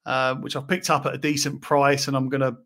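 A man's voice: medium pitch, fairly quick. A man hosting a live property chat, talking casually with many fillers. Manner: chatty, relaxed, many fillers. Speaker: property investor and host.

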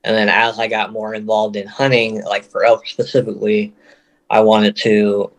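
A man's voice: on the low side, level tone, moderate pace, poor audio. A man talking as a guest on a casual podcast, plain and hesitant with many fillers. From Oregon.

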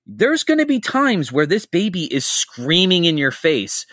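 A man's voice: fairly high pitch, unhurried, dry recording, clean studio sound. A middle-aged man hosting a podcast, telling stories in casual chat and acting out the quotes he tells. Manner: animated storyteller, acts out quotes. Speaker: podcast host.

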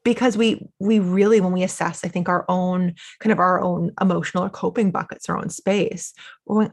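A woman guest on a podcast with a slightly husky voice. She works through her ideas thoughtfully and in a measured way, softening them with "sort of" and "kind of". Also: on the low side, steady tone. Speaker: clinical psychologist guest. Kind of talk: explanatory interview answers.

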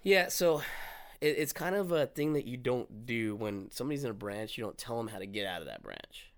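A young man hosting a casual chat, telling a profane, animated story and acting out the quotes. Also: medium pitch, fairly quick, no echo. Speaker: podcast host.

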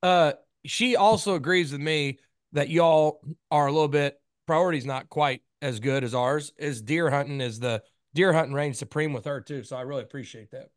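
A man's voice: on the high side, moderate pace, clear, resonant tone, no room sound, clean studio sound. A man hosting a podcast in a casual, easygoing way, chatting with his guest. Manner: easygoing, plugs the guest's socials. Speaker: podcast host.

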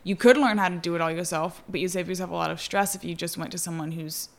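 A woman's voice: on the low side, steady tone, fast talker. A woman co-hosting a podcast, chatting casually and easygoingly. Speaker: podcast co-host.

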